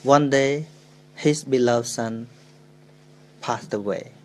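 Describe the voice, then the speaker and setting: Slow-spoken Cambodian monk giving a dharma talk. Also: male voice, medium pitch, a little mellow, rough recording. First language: Khmer. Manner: slow, halting English with pauses and self-corrections.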